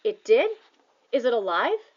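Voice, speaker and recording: A woman voicing an eager, excitable doctor who whoops with delight. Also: a little high, a little slow, highs cut off.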